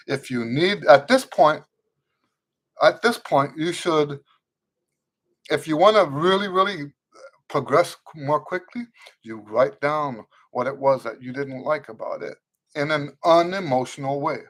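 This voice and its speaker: A man with a higher-than-usual voice hosts a live trumpet Q&A stream. He talks in a loose, earnest way, circling back and repeating phrases to press a point. Between points he greets viewers by name and reads their comments aloud. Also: lively intonation, unhurried. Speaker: trumpet teacher hosting a live Q&A. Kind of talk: unscripted live-stream teaching.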